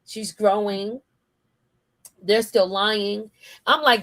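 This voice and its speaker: Jersey woman, show host; slangy, animated, mid pitch, dry close mic. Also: normal speed, no echo, low-quality recording. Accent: New Jersey. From New Jersey. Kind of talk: casual chat.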